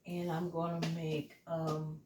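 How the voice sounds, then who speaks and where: A woman's voice: sits low, monotone, takes it slowly, warm tone, echoey room, a little hiss or hum. A middle-aged woman chatting casually with viewers while she cooks in her home kitchen, calling them "y'all". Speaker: home cooking vlogger. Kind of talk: casual chat while cooking.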